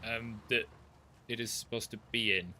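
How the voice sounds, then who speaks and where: A man's voice: mid-range voice, steady tone, normal speed, sharp tone, a little hiss or hum. A man chatting in rambling asides as he plays a game on a live stream. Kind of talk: live gameplay commentary.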